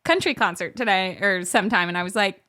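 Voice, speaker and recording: This young co-host speaks fast, with lively intonation and a bright, forceful medium-pitched voice. She keeps the podcast chat casual, filled with fillers and plenty of laughing.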